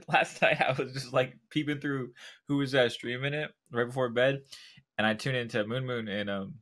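A young man on a casual podcast who tells animated stories and laughs through them. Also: medium pitch, moderate pace. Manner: animated storyteller who laughs through his own anecdotes. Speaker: podcast co-host. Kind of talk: casual chat.

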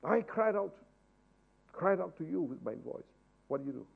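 Fervent preacher with a lively high voice. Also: male voice, normal speed, gravelly, breathy edge, narrow, tinny audio. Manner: swings from hushed asides to loud, fervent exhortation; asks rhetorical questions. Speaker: pastor leading Bible study. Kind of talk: sermon-style Bible teaching.

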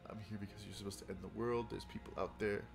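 A man putting on a dim-witted puppet-like hero, all low, mumbled and halting. The voice sits well below his usual speaking pitch and comes out soft and dopey. Game music plays underneath. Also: little pitch movement, vocal fry.

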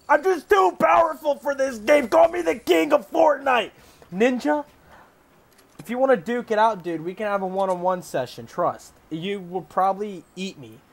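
A young man calls out his own gameplay with a very high, bouncy voice that swoops up and down. He takes his time with the words, bragging and hyped, and breaks into yells when things go his way. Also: vocal fry. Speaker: gamer. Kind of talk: live gameplay commentary.

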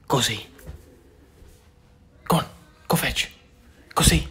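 A man's voice: mid-range voice, takes it slowly, bright, forceful tone. A man talking to his pet dog at home in a coaxing, sing-song tone. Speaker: pet owner.

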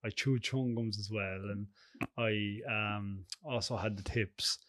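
A man's voice: fairly low pitch, steady tone, unhurried, fairly bright tone, dry recording, clean studio sound. A middle-aged Irish man chatting as a guest on a podcast, rambling through anecdotes and chuckling often. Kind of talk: casual podcast chat.

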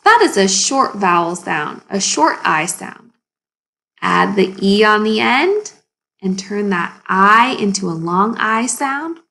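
A woman teaching a phonics lesson to young children, sounding words out slowly and asking the class encouraging questions. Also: mid-range voice, expressive, gravelly, sharp tone. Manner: slow, exaggerated sounding out of words.

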